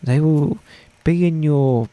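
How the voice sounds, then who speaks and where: A mock-solemn robot minion's herald, as a man puts him on, lowering his voice and slowing each proclamation. The delivery is dry and close, with no room around it. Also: warm tone, no echo. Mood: mock-ominous. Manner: mock-ominous, slowed proclamations.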